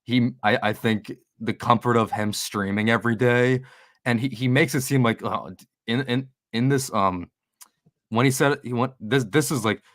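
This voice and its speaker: A man's voice: mid-range voice, moderate pace, no echo, studio quality. A man on a casual podcast chat, a sneaker YouTuber guest who rambles heatedly, swears and restarts his sentences.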